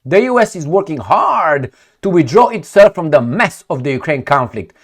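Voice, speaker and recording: A man's voice: fairly high pitch, big pitch swings, normal speed, husky. A man giving casual, blunt and sarcastic political commentary, reading headlines and mocking them.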